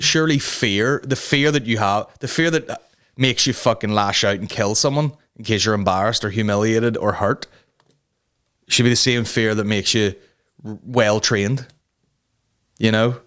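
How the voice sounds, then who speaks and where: A man's voice: mid-range voice, fairly bright tone. A man hosting a comedy podcast, ranting heatedly with lots of swearing and restarts. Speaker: podcast host.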